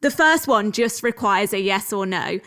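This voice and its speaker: A woman interviewer runs through quick-fire questions, playful and amused. She laughs readily between them. Her voice sits at a middling pitch. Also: expressive, a bit bright.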